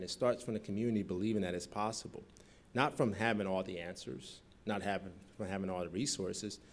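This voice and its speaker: A middle-aged man from Newark giving a storytelling talk at a convention, acting out the voices in his story. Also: fairly low pitch. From Newark, New Jersey. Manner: animated storyteller acting out quoted dialogue. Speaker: guest speaker. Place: convention hall.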